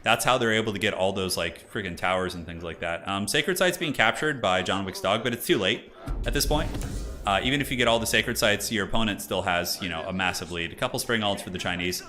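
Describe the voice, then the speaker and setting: A man casually commentating a strategy game on his live stream, rambling and animated with lots of "like" fillers. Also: fairly low pitch, fairly quick, faint music behind.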